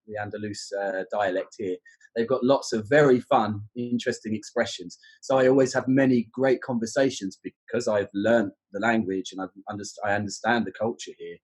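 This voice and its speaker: A man's voice: fairly low pitch, husky. A man from southern England with a London accent, chatting in a casual podcast conversation about teaching exams, full of fillers and restarts. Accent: southern English, London. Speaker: guest, exam teacher.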